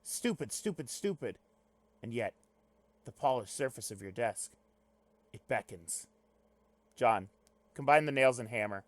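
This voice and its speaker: A young man reads a webcomic aloud with a lively, swinging pitch, often jumping into loud, excited rants. The sound is close and dry, with no room around it. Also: measured pace, long pauses, dry recording. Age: young adult. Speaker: streamer reading a webcomic aloud. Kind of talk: reading aloud with asides.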